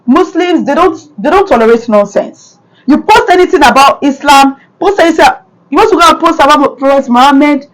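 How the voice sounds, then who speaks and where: A Nigerian woman giving animated commentary on a clip. Her voice sits a little high, and she presses each point home by repeating it. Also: a little fast, low-quality recording. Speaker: reaction video host. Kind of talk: casual commentary.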